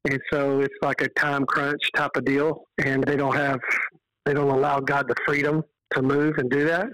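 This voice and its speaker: A man from Texas with a Texan accent, a podcast guest telling stories in an earnest, animated way. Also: fairly high pitch, no echo, poor audio. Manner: earnest, animated storyteller who quotes dialogue. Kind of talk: casual storytelling on a podcast.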